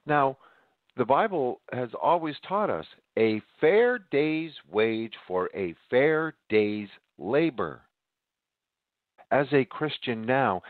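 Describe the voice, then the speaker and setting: On phone-quality audio with no echo, a fairly low male voice delivers a forceful sermon-style monologue as a podcast host. He sounds winded and keeps addressing his listeners as ladies and gentlemen.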